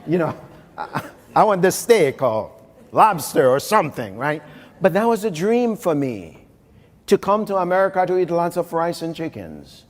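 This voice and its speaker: A man's voice: on the high side, big pitch swings, moderate pace. A middle-aged man from Haiti with a Haitian accent, delivering a motivational keynote speech. He tells stories, repeats phrases for emphasis and speaks straight to the audience. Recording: live recording in a reverberant hall.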